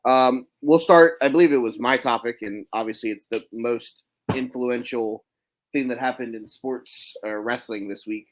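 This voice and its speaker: A man's voice: mid-range voice, moderate pace, rough recording. Easygoing man co-hosting a podcast. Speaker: podcast co-host. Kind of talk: casual wrestling podcast chat.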